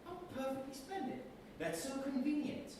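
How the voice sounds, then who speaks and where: A man's voice: extremely high pitch, normal speed, background noise. A man playing an eager friend who is angling for a favor in a stage comedy. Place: theatre stage. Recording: echoey stage recording from far off.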